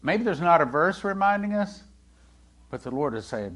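Male preacher, slightly higher pitch, chatty sermon style that quizzes the congregation. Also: moderate pace. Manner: animated, swings from loud to hushed, acts out quoted dialogue; conversational, asks the congregation questions.

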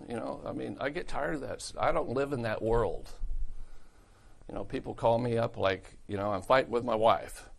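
A man's voice: mid-range voice, moderate pace, gravelly. A male pastor preaching a sermon in a blunt, folksy, conversational way.

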